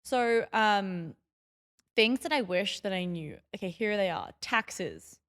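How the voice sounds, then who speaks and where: A woman's voice: mid-range voice, animated, slow, fairly bright tone. A young woman from Melbourne hosting a podcast, telling stories in a chatty, rambling way with lots of fillers. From Melbourne, Australia. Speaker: podcast host. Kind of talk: casual solo podcast storytelling.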